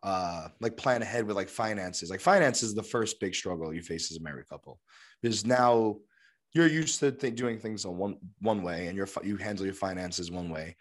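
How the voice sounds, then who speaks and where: A young adult man with a sore throat, chatting casually on a podcast with lots of fillers. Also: normal speed. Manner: rambling, lots of fillers, puts on high voices for quotes. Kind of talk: casual chat.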